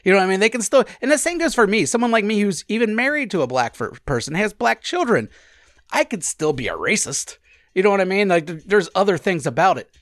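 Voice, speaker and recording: A man's voice: fast talker, no echo, studio quality. A younger man hosting a podcast, talking casually and laughing often. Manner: animated, laughing, swings up in pitch. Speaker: podcast host. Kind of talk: casual chat.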